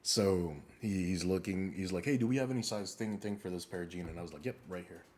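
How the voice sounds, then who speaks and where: Podcast co-host, young man, low and quick, casual storyteller who swears freely. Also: a little hiss or hum. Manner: swears often, animated, laughs through stories.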